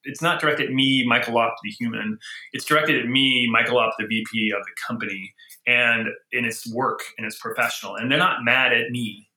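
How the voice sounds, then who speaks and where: A man who is a leader and author, talking casually, animated and thinking aloud with frequent restarts. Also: medium pitch, a little fast, echoey room, poor audio. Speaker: guest, engineering leader and author. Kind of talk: casual conversation.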